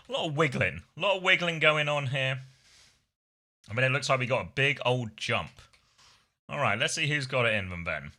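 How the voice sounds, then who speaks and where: A man's voice: medium pitch, pushed and bright. A man streaming live, chatting with viewers and commentating a race game in a playful, upbeat way. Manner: eats on stream, talks with mouth full.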